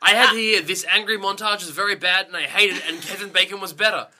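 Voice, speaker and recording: A man co-hosting a podcast in casual movie chat, jokey and lively, slipping into quick voices. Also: sits high, slight background noise. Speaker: podcast co-host.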